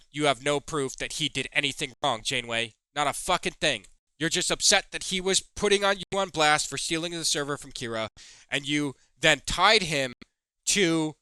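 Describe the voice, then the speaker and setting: A man's voice: on the high side, pushed and bright, smooth, no room sound. A man hosting a heated commentary video, reading chat logs aloud and swearing as he accuses someone. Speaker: commentary host.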